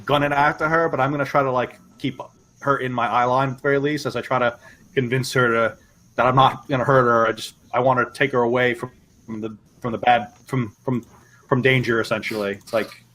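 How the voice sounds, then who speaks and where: A man playing a tabletop game, explaining his character's actions in a halting way with frequent restarts. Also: mid-range voice, steady tone, sharp tone, rough recording. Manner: halting, many restarts and repeats. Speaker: player. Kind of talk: casual tabletop play.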